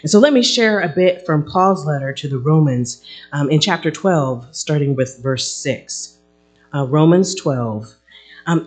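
A woman's voice: sits low, expressive, a little slow, breathy edge, faint music behind. A woman pastor giving a conversational sermon, acting out little everyday scenes as she preaches.

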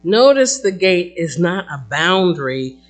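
A woman teaching a Bible passage in a lively, conversational way, breaking into playful asides. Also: fairly low pitch, a little slow.

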